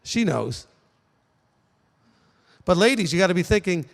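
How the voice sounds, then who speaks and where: High-voiced rabbi in a reverberant hall. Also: male voice, sing-song, unhurried, creaky. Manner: conversational, frequent "okay?" check-ins, emphatic. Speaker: rabbi answering questions. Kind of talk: casual teaching to a congregation.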